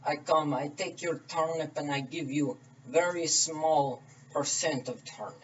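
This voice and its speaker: A man's voice: fairly high pitch, unhurried, fairly bright tone, a little hiss or hum. A man putting on a pompous Russian tsar. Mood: smug. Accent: put-on Russian. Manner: haughty, clipped broken English. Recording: distant mic, dull and lo-fi.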